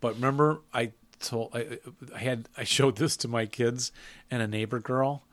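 A middle-aged man co-hosting a casual film chat, chatty and quick to laugh, acting out movie lines as he recaps. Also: medium pitch, fairly even intonation, fairly bright tone. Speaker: podcast co-host.

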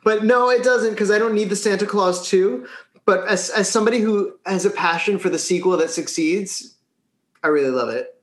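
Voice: medium pitch, normal speed. A podcast co-host in casual chat, gushing with enthusiasm and repeating words. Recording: echoey room.

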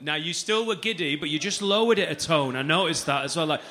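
Cheeky high-voiced man doing crowd work. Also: expressive, moderate pace, pauses often, slight background noise. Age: 30s. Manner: loud, cheeky, swearing banter. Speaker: stand-up comedian. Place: comedy club stage before a crowd.

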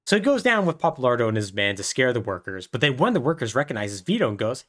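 Man, podcast co-host, casual recap, animated storytelling, very lively pitch. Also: fast, few pauses. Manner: animated storyteller, laughs often. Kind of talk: casual chat recapping a plot.

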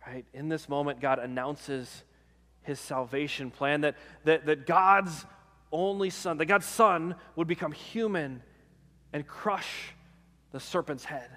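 A man's voice: on the high side, takes it slowly, pushed and bright, big-room sound. A man, a pastor, preaching a sermon in a conversational way, often checking in with the congregation.

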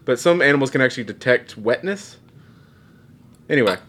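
A man hosting a quiz segment on a casual podcast, reading clues aloud and getting defensive and exasperated when he is challenged. His pitch swings widely from line to line. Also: animated, brisk, fairly bright tone, slightly rough. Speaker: podcast co-host running a quiz game.

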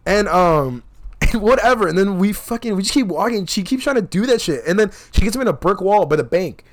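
In casual chat, a young man tells a wild night-out story, swearing constantly and acting out what everyone said. His voice is high and a little fast, and his manner is profane and animated.

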